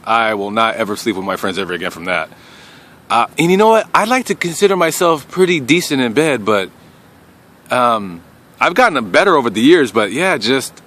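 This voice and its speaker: A young man telling a crude personal story to camera in a casual, rambling way, often trailing off quietly. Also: medium pitch. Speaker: vlogger.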